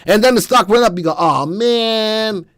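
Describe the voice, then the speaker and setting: A man hosts a live stock analysis broadcast, talking straight to his viewers as he clicks through charts. His voice sits a bit high and sounds dry and close, and he breaks into lively, folksy exclamations. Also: rapid-fire, no echo. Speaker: stock market analysis host.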